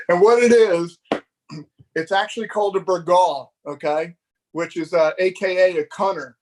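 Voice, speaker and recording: A middle-aged man tells a fishing story in a high, bright voice. He keeps laughing and acts out what everyone said in the story, loose and chatty as a live-show guest. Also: unhurried, pauses often. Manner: animated, laughing, acts out dialogue. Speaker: fishing magazine editor, guest.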